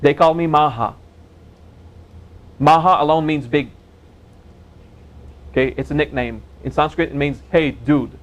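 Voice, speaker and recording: A man teaching a spiritual seminar in a gentle, playful way, joking with his audience and laughing at his own jokes. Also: a little high, steady tone, a little slow, pauses often, poor audio. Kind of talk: relaxed seminar talk.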